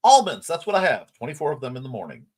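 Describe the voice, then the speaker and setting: A man's voice: mid-range voice, sing-song, fast, slightly rough. A man hosting a casual livestream morning chat, reading viewer comments aloud and laughing along. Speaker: host.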